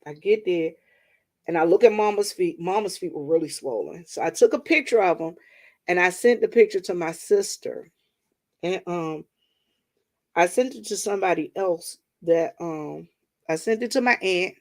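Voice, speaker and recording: A woman's voice: on the low side, normal speed. An older woman, telling a family story casually to her viewers. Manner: animated, talks straight to listeners. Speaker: vlogger.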